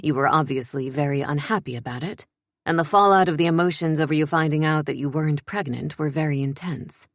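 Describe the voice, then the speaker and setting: A stern king with a lowered, grave voice gives short commands, as a woman puts him on for a storybook reading. His delivery is clipped and controlled. The sound is dry and close. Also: a little fast, no room sound.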